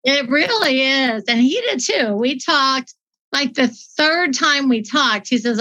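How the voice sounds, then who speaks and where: High pitched woman telling her faith story, chatty and teary, kinda muffled audio. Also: animated, takes it slowly, sharp tone. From United States. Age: middle-aged. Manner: chatty, heartfelt, often near tears. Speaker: guest. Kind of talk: emotional personal testimony. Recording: dull lo-fi audio.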